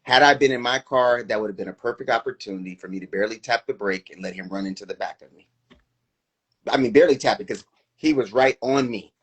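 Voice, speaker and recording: A man's voice: mid-range voice, fast talker, fairly bright tone, husky. A middle-aged man co-hosting a casual live-stream chat, talking in a reflective, earnest way. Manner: reflective, earnest, self-questioning. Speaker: co-host.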